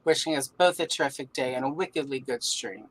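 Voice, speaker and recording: A woman with a Southern US accent hosts a casual livestream, chatting while she colors and greeting viewers by name. Her voice is extremely low and husky, she talks fairly quickly, and the streaming-setup audio is poor.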